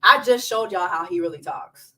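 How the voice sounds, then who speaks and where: Woman host, bright clear voice, sarcastic, emphatic, slangy live-stream commentary. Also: fairly low pitch, lively intonation, moderate pace. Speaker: host reacting to clips.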